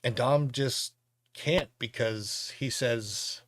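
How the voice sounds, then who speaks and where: A man hosting a podcast, recapping a film's plot in a casual, animated way and laughing now and then. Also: mid-range voice, a little slow, dry recording. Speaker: podcast host reviewing a film.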